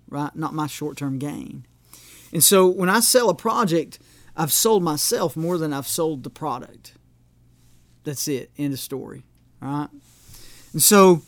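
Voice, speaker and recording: A male pastor with a high-pitched, fairly bright voice preaches a conversational sermon, checking in with the room through quick asides and restarting his phrases. The sound is dry and close, with no echo.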